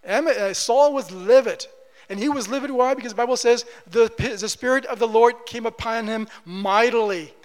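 A man preaching a sermon as pastor, repeating key phrases and moving between loud emphatic lines and quiet, low asides. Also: moderate pace, in a large hall.

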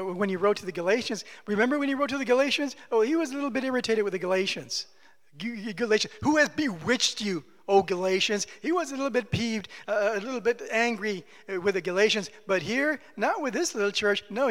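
A man preaching a sermon as pastor, earnest, often dropping to soft tender repeated words. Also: high-pitched, in a large hall.

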